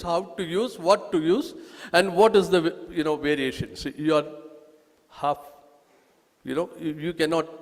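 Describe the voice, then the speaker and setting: A man with an Indian accent gives a public talk at an event, presenting a nursing course in a halting, emphatic way with frequent restarts. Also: high voice, big-room sound. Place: event hall.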